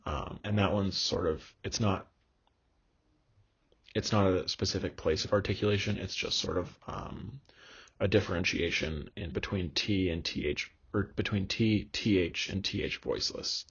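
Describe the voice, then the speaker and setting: A young man giving a recorded online lecture, halting, with many fillers and restarts. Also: deep voice, gravelly, a bit bright, slightly rough. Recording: dull lo-fi recording.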